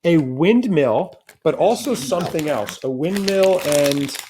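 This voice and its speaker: Guy hosting a podcast, kinda high voice, jokey and rambly while he tastes stuff. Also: lively intonation, a little slow, background noise. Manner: chatty, jokey, thinks aloud while tasting. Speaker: podcast host. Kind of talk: casual chat, food taste test.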